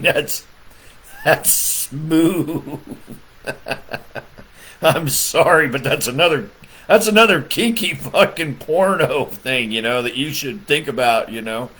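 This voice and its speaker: Slow-talking man ranting and chuckling. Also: a little high, fairly bright tone. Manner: laughs often, crude, meandering with fillers. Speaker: political comedian. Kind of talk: rambling comedic rant. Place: Michigan.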